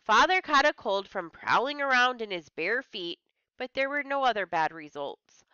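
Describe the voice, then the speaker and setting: A woman's voice: fairly high pitch, expressive, normal speed, sharp tone, clear, resonant tone, no echo, dull audio. A woman teacher reading a story aloud to a class, stopping to explain hard words in simple terms.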